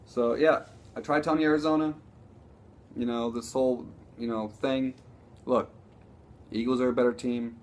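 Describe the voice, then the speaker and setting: A man ranting casually about his football team, profane and excitable, rambling with frequent restarts. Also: mid-range voice, normal speed, long pauses. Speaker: sports vlogger. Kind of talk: casual sports rant.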